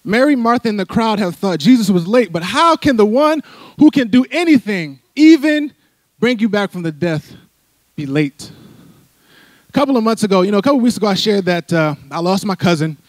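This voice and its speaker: Brief: male preacher, fairly high voice, dry close sound, chatty sermon delivery. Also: animated, fairly quick, no echo. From Philadelphia. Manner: conversational preaching, frequent "right?" asides. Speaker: church speaker. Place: church sanctuary.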